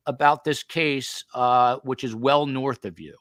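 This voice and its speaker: A man's voice: medium pitch, fairly even intonation, a little slow, hardly any pauses, a bit bright, dry recording, studio quality. A middle-aged man from the Northeast United States hosting a podcast, chatty and feisty, full of rambling asides. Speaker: podcast host. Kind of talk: casual podcast chat.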